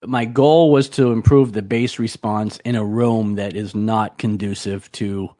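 A man co-hosting a casual podcast, relaxed and a bit hesitant as he explains things. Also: lowish voice, a little slow. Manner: relaxed, hesitant, lots of ums and restarts. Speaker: podcast co-host. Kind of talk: casual chat.

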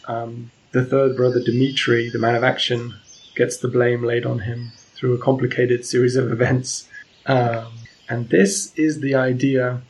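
A man's voice: mid-range voice, gravelly, a little hiss or hum, poor audio. A man casually discussing novels, hesitant and full of ums and restarts. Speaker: book discussion presenter. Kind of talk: casual literary talk.

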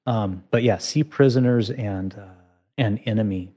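A man's voice: lowish voice, moderate pace, mellow. A man appearing as a guest on a podcast in casual chat, rambling and restarting with many fillers.

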